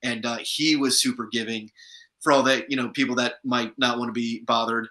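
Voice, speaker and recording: A man's voice: medium pitch, level tone, brisk, sharp tone, rough recording. A man, an actor guest in an interview, chatting through anecdotes from set with many restarts. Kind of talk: casual interview storytelling.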